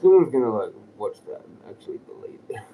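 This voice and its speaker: A man's voice: mid-range voice, very animated, fast, narrow, tinny audio. A man chatting on a live stream outdoors in a loose, chuckling way, often dropping to a whisper. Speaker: livestreamer. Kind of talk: rambling casual live-stream chat. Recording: distant mic with clear outdoor noise.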